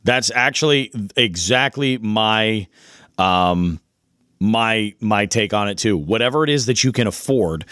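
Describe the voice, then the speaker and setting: A man co-hosting a casual fishing podcast, agreeable and quick to affirm, who reads out listener questions. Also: on the low side, lively intonation, a bit bright, clean tone, no room sound, clean studio sound. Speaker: podcast co-host.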